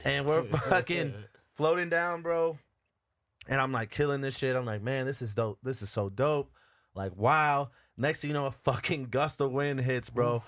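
Animated laughing male storyteller. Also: mid-range voice, moderate pace. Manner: animated, laughs often, swears freely. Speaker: podcast co-host. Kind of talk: casual storytelling.

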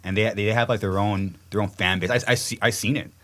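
A man's voice: on the low side, fairly even intonation, fairly quick, a bit bright. A man hosting a casual podcast interview, often stammering and repeating words as he asks questions. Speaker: podcast host.

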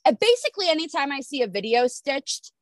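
A woman's voice: high voice, sing-song, brisk, no room sound. A woman hosting a casual podcast, frank and casually swearing as she chats with her guest. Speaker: podcast host. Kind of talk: casual chat.

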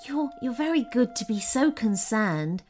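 A woman voicing a sad, trapped grown woman in a storybook, speaking softly and hesitantly. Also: fairly high pitch, animated, a little slow, soft background music. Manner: soft, hesitant, sorrowful.

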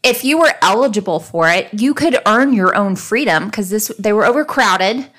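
A woman's voice: mid-range voice, animated, normal speed, fairly bright tone. Chatty woman hosting a true crime podcast, laughs easy, goes off topic. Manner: chatty, digresses, laughs easily. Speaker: podcast host.

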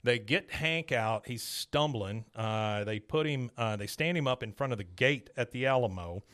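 A man's voice: medium pitch, moderate pace, hardly any pauses. A man hosting a podcast, recapping a cartoon episode in casual chat and acting out the characters' lines. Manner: animated storyteller, acts out quotes. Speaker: podcast host.

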